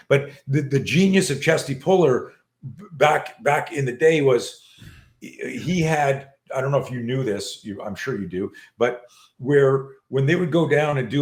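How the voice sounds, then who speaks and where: An older man, a self-defense instructor, telling a story in a podcast interview with emphatic, profane speech, many restarts and acted-out dialogue. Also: medium pitch. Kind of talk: animated storytelling in a podcast chat. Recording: echoey room.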